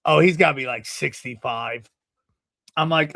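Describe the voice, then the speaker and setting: A man from upstate New York, a comedian and podcast host, telling a story with lively delivery and deadpan asides. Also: on the high side, slow, vocal fry, long pauses.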